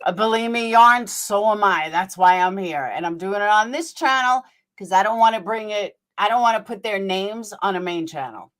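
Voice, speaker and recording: A woman's voice: medium pitch, normal speed, fairly bright tone. A woman hosting her channel, reacting to clips in a furious, profane, sarcastic rant.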